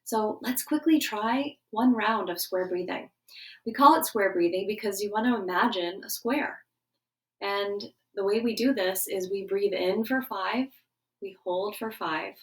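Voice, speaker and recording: A middle-aged woman giving a gentle morning lesson to schoolchildren, coaxing them through a breathing exercise. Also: mid-range voice, unhurried. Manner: warm, coaxing teacher voice, guiding breathing. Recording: voice a bit distant from the mic.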